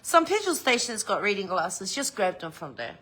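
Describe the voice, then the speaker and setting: A woman's voice: medium pitch, big pitch swings, normal speed, pushed and bright. A middle-aged woman, chatting casually on a livestream, laughing often and swearing freely. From New Zealand. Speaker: livestream host.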